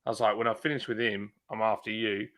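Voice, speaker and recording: A man hosting a live stream, chatting casually and telling stories in an animated way, acting out his own shouting. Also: on the low side, fast. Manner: animated storyteller, acts out shouting. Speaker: streamer host. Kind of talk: casual chat.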